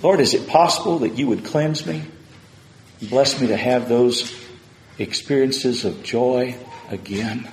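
A man's voice: medium pitch, unhurried, a little hiss or hum. A man preaching a sermon, paraphrasing scripture and building to fervent calls. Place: church sanctuary. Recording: roomy church echo.

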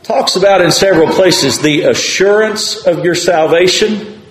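A man preaches in a high, unhurried voice. He paraphrases scripture and builds to fervent calls, and his words ring through an echoing church sanctuary. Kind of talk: sermon. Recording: roomy church echo.

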